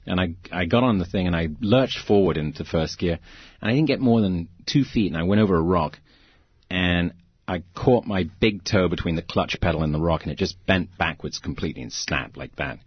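Deep husky man telling an animated story. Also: a little fast, no echo, muffled recording. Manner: animated anecdotes, acting out quoted voices, frequent laughs. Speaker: interview guest, actor. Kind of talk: storytelling in a conversational interview.

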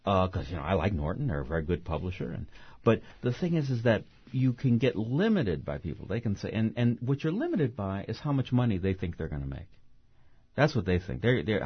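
A man's voice: lowish voice, sing-song, brisk, slightly rough, no echo, dull audio. A novelist being interviewed. He talks expressively and often restarts mid-phrase. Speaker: novelist guest. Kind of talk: interview conversation.

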